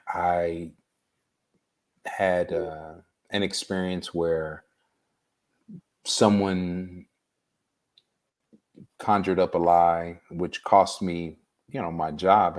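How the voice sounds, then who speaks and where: A man as an interview guest, telling a personal story in an earnest, unhurried way. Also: deep voice, level tone, a little mellow.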